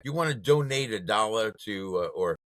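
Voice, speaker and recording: Male podcast guest, low and lively voice, blunt and profane. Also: normal speed, dry recording. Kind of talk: casual political chat.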